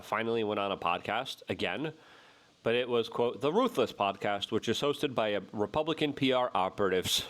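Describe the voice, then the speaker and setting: A man hosting a political commentary show, talking in an exasperated, sarcastic way and mocking others with sudden high-pitched voices. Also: a bit bright. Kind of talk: animated solo commentary.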